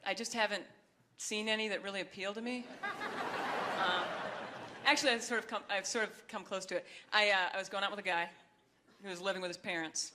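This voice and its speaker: A young woman doing a stand-up comedy set, talking in a wry, chatty way and breaking into high, shrill voices for the people she acts out. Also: fairly even intonation, a little fast, background noise. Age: young adult. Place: comedy stage before a live audience. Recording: live club set with audience laughter.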